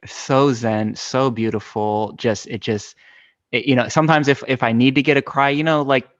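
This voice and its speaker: A man's voice: medium pitch, steady tone, normal speed, dry recording, lo-fi sound. A young man hosting a podcast, earnest and enthusiastic, stammering through restarts. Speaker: podcast host. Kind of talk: casual conversation.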